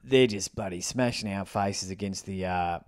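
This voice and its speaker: A man's voice: low-pitched, normal speed, no echo, clean studio sound. Australian man rambling through a story. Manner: rambling anecdotes, swears freely. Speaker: podcast co-host. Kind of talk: casual storytelling chat.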